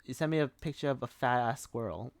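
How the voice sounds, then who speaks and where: A man's voice: mid-range voice, a little fast, dry recording. A young man streaming live, chatting casually and telling rambling stories packed with fillers and swearing. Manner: rambling, filler-heavy storytelling with frequent swearing.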